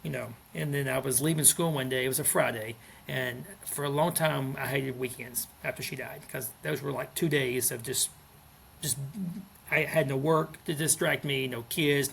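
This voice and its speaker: A deeply gravelly man in his fifties talks in a gentle, earnest, reflective way as a podcast guest. He often restarts his sentences, and his pitch sits in an ordinary middle range. A faint hiss runs underneath. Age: 50s. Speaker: school principal, guest.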